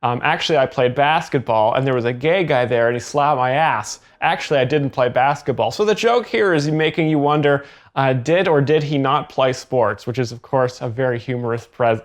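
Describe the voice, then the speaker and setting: A man giving deadpan mock expert commentary on a comedy set, halting and restarting his sentences. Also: mid-range voice. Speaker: comedy show host.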